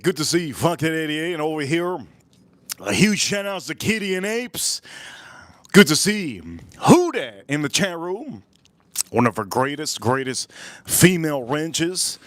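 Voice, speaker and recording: A man hosting a casual outdoor barbecue livestream, repeating himself and giving loud, excited shout-outs to his viewers. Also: mid-range voice, no room sound. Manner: repetitive, hyped shout-outs to chat. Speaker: livestream host. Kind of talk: casual live-stream chat.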